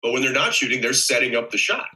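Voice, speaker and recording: A man's voice: mid-range voice, expressive, fast, pushed and bright, poor audio. A male actor as a podcast guest in casual chat, explaining things at length with many fillers and restarts.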